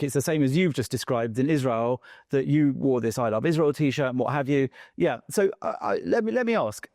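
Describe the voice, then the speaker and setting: A man hosting an interview, speaking in a measured conversational way and sharing anecdotes before asking his questions. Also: mid-range voice, a little mellow, no echo, clean studio sound. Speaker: interview host.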